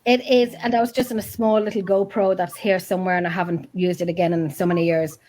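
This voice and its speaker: A woman's voice: on the low side, level tone, fast talker, a little mellow. Rambling, chatty woman. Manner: chatty, rambling, self-interrupting. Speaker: podcast guest, paranormal investigator. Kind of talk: casual chat.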